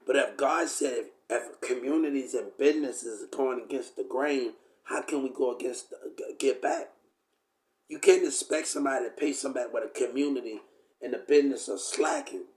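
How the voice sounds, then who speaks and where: Male vlogger, mid-range voice, preachy rambling rant aimed at viewers. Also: mid-range voice. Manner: preachy, repetitive, addresses viewers directly. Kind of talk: rambling direct-to-camera rant.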